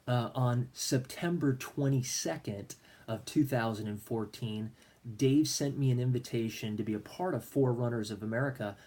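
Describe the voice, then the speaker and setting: A man's voice: medium pitch, a little mellow. A middle-aged man, a minister, earnestly telling a personal faith story and acting out his own prayers. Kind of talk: personal faith testimony vlog.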